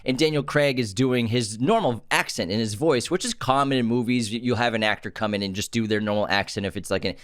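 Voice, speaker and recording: A man co-hosting a film podcast, sharing movie trivia in a relaxed, informative way. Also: mid-range voice, fast talker, hardly any pauses, no room sound. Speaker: podcast co-host. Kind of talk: casual film podcast chat.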